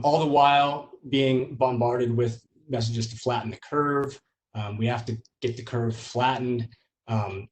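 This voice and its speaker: A man giving a relaxed, conversational presentation on a video call, with many pauses and filler words. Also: medium pitch. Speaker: user group presenter.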